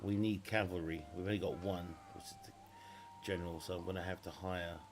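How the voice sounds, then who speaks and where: A man's voice: sits low, steady tone, brisk, background noise. Male streamer at home, rambling, chatty commentary, restarts often. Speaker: game streamer. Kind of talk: casual live-stream gaming commentary. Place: at home with family nearby.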